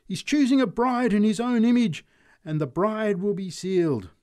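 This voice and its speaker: A man voicing a frenzied woman street preacher, proclaiming in a shrill, ecstatic voice. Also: normal speed, darkish tone, smooth, lightly acted.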